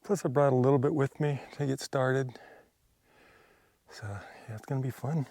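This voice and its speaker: A man's voice: medium pitch, moderate pace, dark tone, no echo, clean studio sound. A man with an American accent, casually narrating an outdoor camping vlog into a handheld action camera. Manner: chatty, easygoing, with fillers and laughs. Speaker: travel vlogger. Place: outdoors on a desert cliff and campsite.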